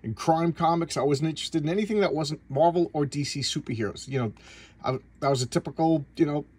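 An American comic book collector in his fifties reviews back issues in a casual video chat, rambling loosely through an old comic, stumbling over and repeating words before slipping into quick character voices. His voice is on the high side, with a darkish tone and a faint husk.

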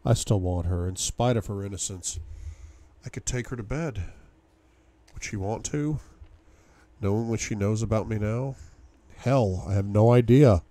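A man's voice: lowish voice, measured pace, long pauses, warm tone. A man reading a novel aloud for a book club, giving a dramatic first-person reading with sudden outbursts.

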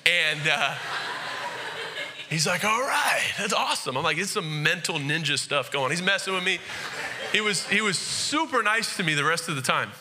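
A man preaching with a high, very bright, ringing voice. He tells a funny story with lively energy and acts out the voices of the people in it before turning to his sermon point. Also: brisk, slight background noise. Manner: animated, jokey, acts out quoted voices. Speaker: pastor. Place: church sanctuary.

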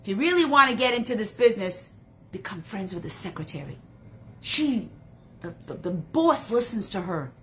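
A woman teaching a Torah class in an animated storytelling style, acting out the characters in her stories. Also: mid-range voice, normal speed, slight background noise.

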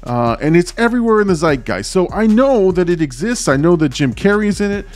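A man hosting a movie reaction channel, talking in an energetic, chatty way. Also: high voice, fairly quick. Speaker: host.

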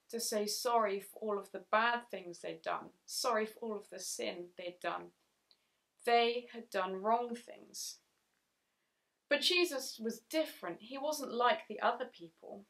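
Slow, gentle woman telling children a Bible story. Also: a little high. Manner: slow, clear, asks children questions. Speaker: children's talk leader at church.

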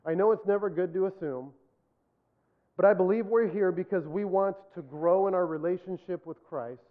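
Man, pastor, sermon, high voice, earnest, repeats points for emphasis, self-deprecating humor, tinny phone-like sound. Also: normal speed.

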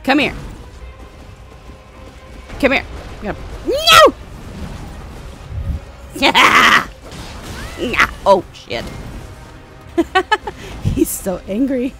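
Excitable young woman gamer. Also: high voice, extremely slow, long pauses, soft background music. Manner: excitable, shrieks and panics during fights. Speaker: gaming streamer. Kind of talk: let's play commentary.

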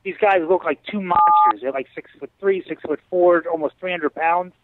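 A man's voice: sits high, normal speed, dry recording. Storytelling man on a tinny call. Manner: animated storyteller, acts out others' lines. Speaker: interview guest. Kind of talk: storytelling in a casual interview. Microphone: video call. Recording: dry tinny call audio.

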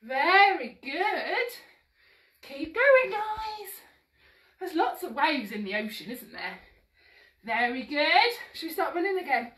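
A woman with a high, very animated and fairly bright voice leads a live-streamed toddler action-song class, speaking slowly in an upbeat, sing-song way to coax the little ones along. She moves while talking and sounds a bit out of breath, heard from a distance with roomy echo.

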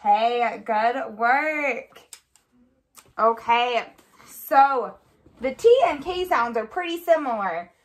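A woman with a somewhat high voice walks through a speech therapy demonstration. She gives patient, clear step-by-step prompts and praises often. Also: expressive, slow pace. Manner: encouraging with frequent praise. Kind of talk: instructional demonstration.

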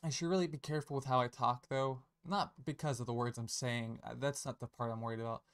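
A man's voice: medium pitch, fairly even intonation, fast, smooth. A man giving a casual commentary rant, sarcastic and profane, rambling and correcting himself as he goes. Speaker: online commentator.

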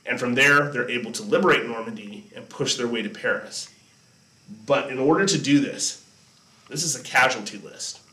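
A man's voice: medium pitch, moderate pace, sharp tone. A man teaching a history lesson over slides in a conversational way, often checking in with his listeners. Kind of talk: classroom lecture over slides. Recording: echoey room, distant mic.

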